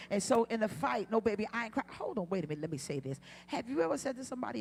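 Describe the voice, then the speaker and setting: Woman preacher, fairly high voice, sermon style, builds to loud passionate peaks, quick humorous asides. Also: expressive, creaky, slight background noise. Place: church sanctuary.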